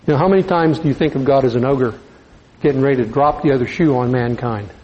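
A man preaching a sermon in a conversational, folksy style, dropping softer for emphasis. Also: mid-range voice, quick pace, husky, lo-fi sound.

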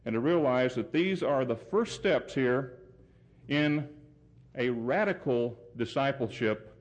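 A man preaching a sermon, earnest and emphatic, lifting his voice on key points and slowing down to stress them. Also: expressive. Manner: earnest, emphatic, rising pitch on key points, deliberate pauses.

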